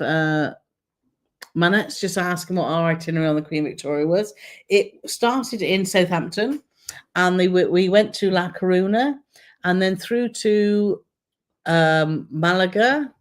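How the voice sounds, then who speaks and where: A woman co-hosting a travel live stream, chatting casually and reading out viewer comments with frequent laughter. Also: on the low side. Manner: chatty, laughs often, reads comments aloud.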